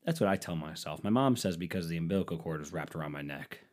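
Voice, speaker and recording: A man's voice: low-pitched, expressive, fast talker, darkish tone. A man doing a rambling comic monologue, sarcastic and profane with mocking asides.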